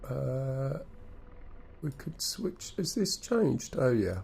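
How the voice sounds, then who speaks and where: A man's voice: mid-range voice, big pitch swings, extremely slow, creaky, a little mellow, slight background noise. A man with an English accent and a stuffy nose from a cold, chatting through a live flight-sim stream, thinking aloud and greeting viewers. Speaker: game streamer.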